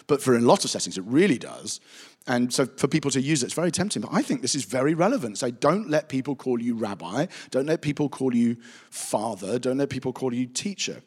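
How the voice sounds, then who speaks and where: A man, a pastor giving a chatty, anecdotal Bible teaching with animated asides. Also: medium pitch, fairly quick, slightly rough. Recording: reverberant hall.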